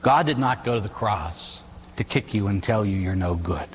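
Man, Catholic priest, from Pittsburgh area, sermon, animated storytelling, echoey hall, faint hum. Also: on the low side, normal speed. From Pittsburgh area, United States. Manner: animated storytelling, acting out quoted voices, tag questions.

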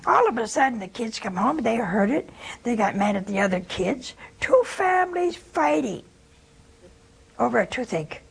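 An older nun hosts a call-in show, talking to her listeners in a storytelling way. Her voice is slightly husky, and she acts out each person in her anecdotes. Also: fairly high pitch, normal speed, rough recording. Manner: storytelling with lively acted-out dialogue. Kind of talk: religious call-in show talk.

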